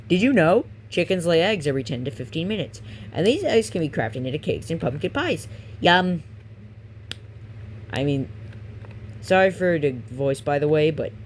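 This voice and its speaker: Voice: medium pitch, a little hiss or hum. Reader stumbling through a guidebook. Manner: casual, stumbling, self-correcting, chatty asides. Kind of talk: reading a game guidebook aloud.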